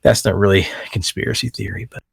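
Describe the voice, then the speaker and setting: A man's voice: sits low, fairly even intonation, quick pace, creaky, slightly rough, no echo, clean studio sound. A man hosting a casual podcast, chatting in a crude, joking way and telling stories. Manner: crude, joking, storytelling with put-on voices. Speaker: podcast host. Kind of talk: casual chat.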